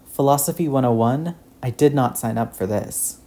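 A man voicing a dry, sardonic young woman with deadpan sarcasm. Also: medium pitch, normal speed, voice pushed up, lightly acted.

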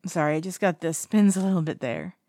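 A woman's voice: on the low side, animated, fairly quick, mellow, no echo. A woman voicing a tipsy, playful young man in an audiobook, bubbly and teasing, with a dry close sound. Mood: drunk playful. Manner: bubbly, teasing, sing-song calls of a name. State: drunk. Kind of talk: audiobook character voice.

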